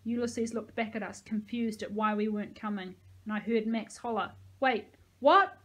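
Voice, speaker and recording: A woman teacher reading a novel aloud to her class, steady and plain. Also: mid-range voice, normal speed.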